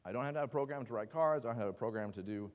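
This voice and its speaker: A man teaches a casual Bible class at church, joking and asking the class questions as he goes. His mid-range voice races along, and the recording carries long hall reverb.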